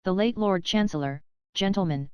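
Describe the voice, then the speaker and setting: A woman reading the part of a pompous, boastful middle-aged male attorney who rambles and clears his throat. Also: mid-range voice, normal speed, dry recording, lightly acted.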